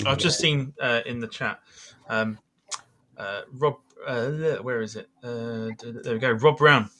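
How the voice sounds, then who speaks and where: A man's voice: mid-range voice, unhurried, sharp tone. A man hosting a podcast, chatting casually with lots of fillers and easy laughter. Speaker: podcast host. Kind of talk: casual chat.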